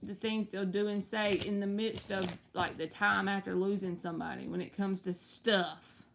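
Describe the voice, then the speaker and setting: A woman's voice: mid-range voice, steady tone, moderate pace, creaky, noisy background. Woman tarot reader on a live stream, casual and chatty, reassuring, tossing in playful slang.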